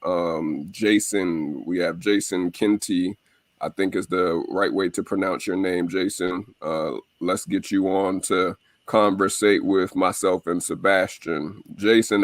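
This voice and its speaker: A man's voice: low-pitched, no echo. A man hosting a live online show, bringing in callers and giving brief affirmations. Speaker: host.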